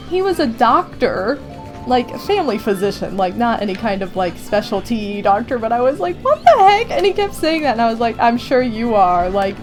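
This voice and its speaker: A young woman hosting a gaming video, telling a funny story in a casual, animated way with many fillers and frequent laughter. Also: fairly high pitch. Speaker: gaming channel host. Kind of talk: casual storytelling over gameplay.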